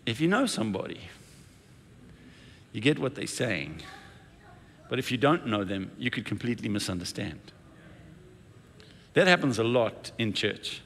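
A man's voice: mid-range voice, very animated, normal speed, long pauses, fairly bright tone, big-room sound, slight background noise. A man preaching a sermon as senior pastor, telling stories and acting out the quotes in playful voices. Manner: storytelling with playful acted-out quotes.

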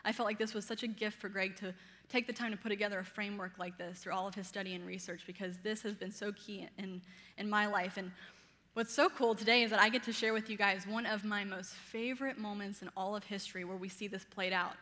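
A woman in her thirties with a Southern American accent preaches energetically and playfully, laughing often and talking fast. Her mid-range voice is steady yet sharp in tone, and she's in a large hall.

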